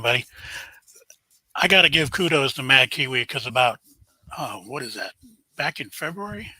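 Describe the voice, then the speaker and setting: A man's voice: fairly high pitch, bright, forceful tone, no echo, low-quality recording. An older man, hosting a casual live stream, chatting and greeting viewers by name.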